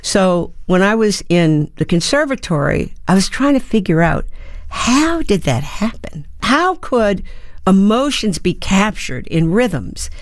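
A woman's voice: fairly low pitch, dry recording, clean studio sound. A woman in her seventies, an actor and playwright, answering interview questions in a reflective, storytelling way with fillers and restarts. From United States. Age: 70s.

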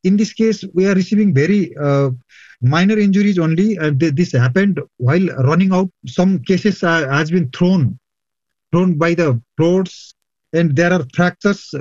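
Halting man on a dull, dry line. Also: sits high, a little mellow, dry recording. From Nepal. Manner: halting, many fillers. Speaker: hospital medical superintendent. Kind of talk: phone interview.

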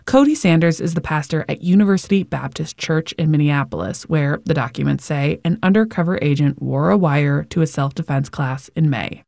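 A woman correspondent delivers a scripted news report in a low voice with a gravelly edge. Her delivery is measured and even. The recording is dry and close. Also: no room sound.

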